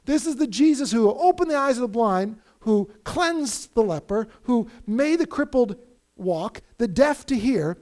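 This middle-aged man, a pastor, preaches in a very high-pitched voice at a slightly slow pace. His storytelling is animated, and he performs the quoted voices of the figures in his tales.

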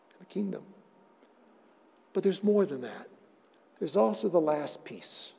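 A man preaching a sermon as pastor, moving from loud emphatic phrases down to hushed, almost whispered words. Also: high-pitched, creaky, long reverb tail. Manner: swings between loud emphatic lines and hushed near-whispers.

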